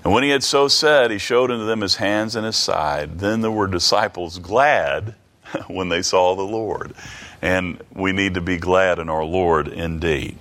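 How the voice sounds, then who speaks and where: A man preaching a Bible study sermon, halting and restarting, reading scripture aloud and asking the listeners many rhetorical questions. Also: sits low, a bit bright. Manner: reads King James scripture aloud.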